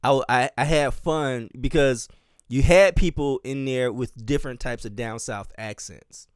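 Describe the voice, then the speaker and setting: Southern guy rambling on his pod, lots of ums and restarts, smooth clear voice, dry close sound. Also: medium pitch, measured pace, dry recording. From Miami and Charleston, US South. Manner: rambling, with many fillers and restarts. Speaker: dance teacher and podcast host. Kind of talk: casual solo chat.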